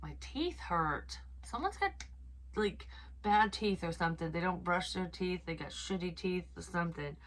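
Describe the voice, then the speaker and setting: A woman giving an unscripted psychic reading, soft and hesitant, thinking aloud with many restarts and casual swearing. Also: on the low side, animated, moderate pace, a little hiss or hum. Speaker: psychic medium.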